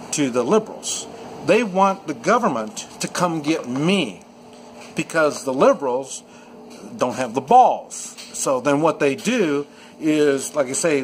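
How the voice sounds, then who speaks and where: A man's voice: fairly high pitch, a little hiss or hum, rough recording. A man giving an unscripted opinion monologue, rambling with many restarts and fillers as he talks. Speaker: video commentator. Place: at home in the countryside.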